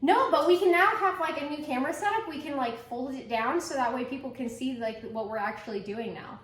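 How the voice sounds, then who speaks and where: A young woman hosting her home cooking vlog, bubbly and rambling, excitedly chatting with a guest in her kitchen. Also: high-pitched, brisk. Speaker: cooking channel host. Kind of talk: casual cooking vlog chat. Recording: echoey kitchen room.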